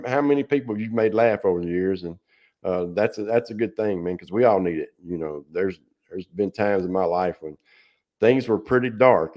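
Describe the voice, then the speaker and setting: A man's voice: low voice, a little mellow. A male podcast host talking with a guest in an earnest, reflective, casual way. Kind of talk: casual conversational interview.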